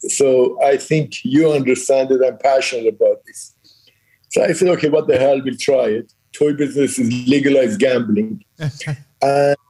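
A man's voice: mid-range voice, dark tone, husky, low-quality recording. An older man, a company founder, telling business stories in an interview, acting out quoted dialogue with frequent laughs. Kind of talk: storytelling in a conversational interview.

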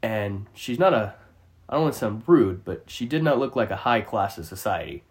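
A man telling a long story in casual chat, animated and profane, often laughing as he goes. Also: on the low side, normal speed. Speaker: storyteller on a podcast.

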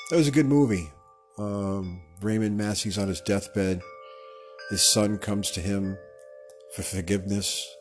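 This is a man with a very deep voice, hosting a live radio meditation show. He talks slowly and wanders from one tangent to the next, often tripping over and rephrasing his own words. Soft music and wind chimes play faintly behind him. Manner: meandering and digressive, fumbles and corrects words. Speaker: radio host. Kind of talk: rambling meditation monologue.

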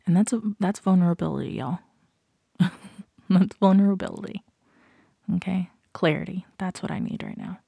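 This podcast host speaks low and husky with vocal fry, giving a slow, reflective motivational talk. She repeatedly poses questions to the listener and often lowers her voice to a soft whisper, in a dry recording.

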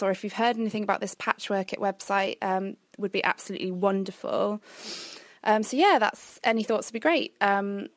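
A woman's voice: mid-range voice, dry recording. A woman leaving a recorded question for a podcast, polite and hesitant, with many ums. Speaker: listener sending a recorded question. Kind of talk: casual recorded voice message.

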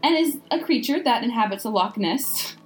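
A woman's voice: fairly high pitch, animated, moderate pace, soft background music, low-quality recording. Rambling American woman podcast host. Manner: rambling, full of "like" and "you know". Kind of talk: casual podcast chat.

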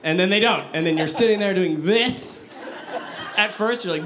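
Stand-up comic, male, high and animated, echoey club with laughter behind. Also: brisk, a crowd in the background. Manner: animated, acts out voices in his stories. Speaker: stand-up comedian. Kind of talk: stand-up comedy set. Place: comedy club with a live audience. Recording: echoey room, live audience laughter.

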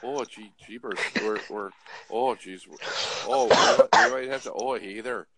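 A man's voice: on the low side, moderate pace, noisy background, close to an everyday voice. A man voicing an overly polite male Canadian police officer who fumbles apologetically, in a put-on Canadian accent. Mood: apologetic. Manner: apologetic and fumbling, full of gee and jeez.

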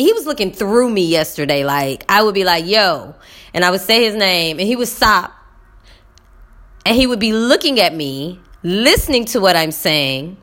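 A woman with a bright, fairly high voice recounts a classroom story straight to her viewers. Her pitch swings widely as she acts out students and herself, talking to them like friends. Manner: animated, talks to viewers as y'all, acts out dialogue. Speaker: middle school teacher.

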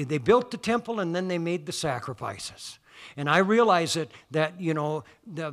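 A man preaching a folksy, emphatic sermon in a church. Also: high voice. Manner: folksy, emphatic, rising to loud declarations.

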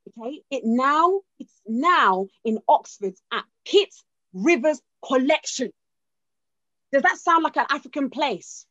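An emphatic woman giving an informal history talk, often checking that her listeners are following. Her voice sits fairly high and comes through a dull, lo-fi recording with a dry sound. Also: lively intonation, a little slow, a bit bright, no room sound. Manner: emphatic, keeps checking in with "okay?". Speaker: speaker.

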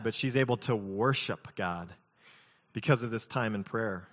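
A man's voice: fairly low pitch, moderate pace, a bit bright, big-room sound. A man preaching a sermon as pastor, conversational, mixing scripture reading with humorous personal stories.

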